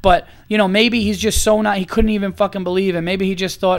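Heated profane man ranting, high voice. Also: brisk, vocal fry, few pauses, fairly bright tone. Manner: profane, heated and emphatic, repeats himself. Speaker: podcast host. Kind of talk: angry opinion rant.

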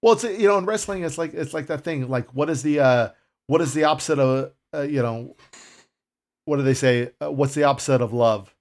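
A man's voice: medium pitch, fairly quick, a little mellow. Rambling man in casual podcast chat. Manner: rambling, many fillers. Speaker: podcast co-host.

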